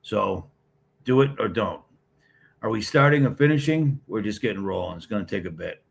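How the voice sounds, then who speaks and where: A middle-aged man from the Boston area, New England, hosts a casual live stream, greeting commenters one by one and answering them bluntly with wisecracks. His voice is lowish, animated and creaky, at normal speed, and he talks straight to chat.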